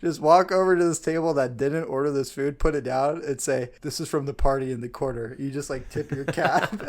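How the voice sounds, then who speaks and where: A man's voice: mid-range voice, fairly quick. Young male co-host, mid-range voice, jokey, steers the talk. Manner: joking, wraps up segments like a host. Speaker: podcast co-host. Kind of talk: casual chat.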